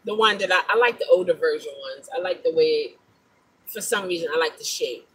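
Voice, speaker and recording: A middle-aged woman with an African-American English accent, a rideshare driver telling stories in a casual vlog, animated and incredulous. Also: on the low side, fairly quick, slightly rough, poor audio. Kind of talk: casual talking-to-camera vlog.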